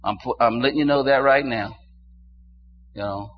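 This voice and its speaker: An older man preaching a sermon to his congregation, dropping low and quiet and then rising into loud exclamations. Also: moderate pace. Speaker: pastor. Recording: dull muffled sound with faint hum.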